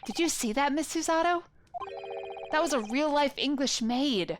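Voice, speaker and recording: A woman's voice: high-pitched, expressive, normal speed, noisy background, pitched above the performer's own voice. A woman voicing an earnest, polite young male lawyer, over game music. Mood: eager.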